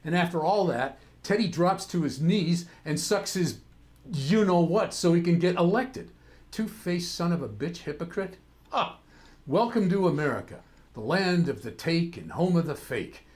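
A man's voice: on the high side, lively intonation, normal speed, natural voice. A man playing a weary, cynical older senator and father, grumbling with sardonic exasperation in a stage play. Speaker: actor in a play.

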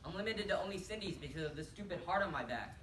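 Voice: medium pitch, lively intonation, quick pace, fairly bright tone, close to an everyday voice. A performer voicing an awkward, nervous young man in a competitive humorous interpretation, stammering and fretting. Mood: flustered. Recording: roomy, distant, noisy tournament room.

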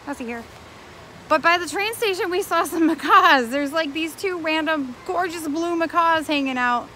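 A woman's voice: high-pitched, pushed and bright, a little hiss or hum. A woman filming a casual travel vlog outdoors at a theme park, chatty and bubbly, cooing at the animals she passes. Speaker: travel vlogger. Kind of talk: casual vlog walk-through.

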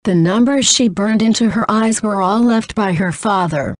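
A woman narrating a novel in a flat reading that says punctuation aloud. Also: medium pitch, moderate pace, no echo, studio quality.

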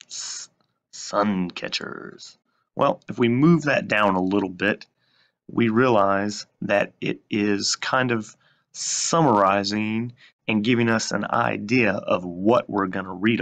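A man teaching a recorded lesson at an unhurried pace, his lowish voice edged with gravel. He poses questions to his class and then answers them himself, leaning hard on key words. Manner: slow, emphatic, asks questions and answers them.

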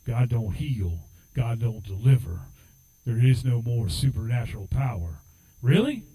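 Man, assistant pastor, sermon, conversational preacher, mellow voice. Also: medium pitch, sing-song, measured pace, husky, rough recording. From United States. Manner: conversational storytelling preacher, rising into fervent exhortation.

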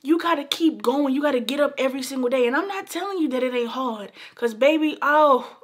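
High-voiced emphatic young woman. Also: a little fast. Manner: emphatic, repeats phrases, calls viewers baby and y'all. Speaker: beauty vlogger. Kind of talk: casual heartfelt talk to camera.

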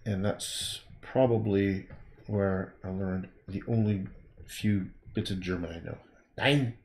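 A man's voice: sits low, steady tone, measured pace, mellow, reverberant. A man thinking aloud in a rambling, casual way as he paints during a livestream, often breaking off and muttering to himself. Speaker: painter livestreaming his work.

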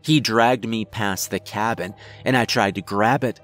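A man narrating a first-person horror story in a measured storytelling manner. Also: on the low side, fairly bright tone, soft background music.

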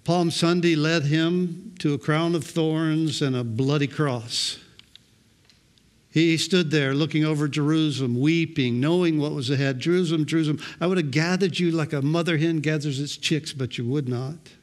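Storytelling pastor with dry humor. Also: male voice, fairly high pitch, fairly even intonation, normal speed. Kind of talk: sermon.

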